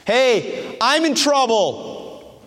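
A scornful, desperate criminal dying on a cross, put on by a man mid-sermon. His voice sits high and strained as he begs and taunts by turns. A long reverb trails each phrase, as in a big hall. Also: very animated, very slow, a bit bright, heavily acted. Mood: wheedling. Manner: pleading, then scornful.

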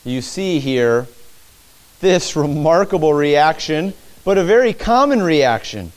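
A man preaching a sermon in church, animated, acting out the disciples' cries as he teaches. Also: on the high side, takes it slowly.

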